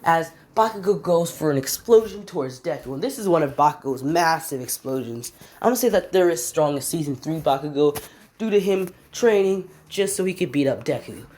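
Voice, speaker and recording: A woman with a low voice narrates a fan story in an offhand, slangy ramble. Her pitch climbs and drops a lot as she talks, as if making it up while she goes. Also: lively intonation, a little fast, darkish tone.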